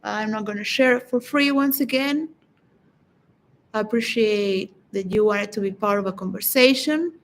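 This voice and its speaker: A woman's voice: mid-range voice, moderate pace, low-quality recording. A woman giving a reflective, philosophical solo monologue that rambles and halts, with frequent restarts. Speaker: vlogger.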